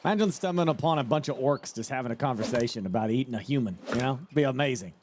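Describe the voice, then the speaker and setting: Lively, excitable male game streamer. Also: mid-range voice, quick pace, noisy background. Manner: loose and excitable, swears, thanks chat, riffs on ideas. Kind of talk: casual live-stream chat while gaming.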